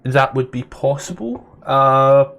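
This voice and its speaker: A man's voice: mid-range voice, lively intonation, slow, a bit bright. A man running a tabletop game as game master, describing scenes in a casual, rambling way and swearing now and then. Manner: casual, rambling, swears, loses his place.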